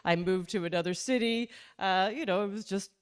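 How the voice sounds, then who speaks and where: Animated woman telling a funny story. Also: mid-range voice, brisk, clear, resonant tone. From Calgary, Canada. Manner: animated, self-deprecating, acts out dialogue. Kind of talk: live comedic storytelling. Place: stage at a cultural center with a live audience.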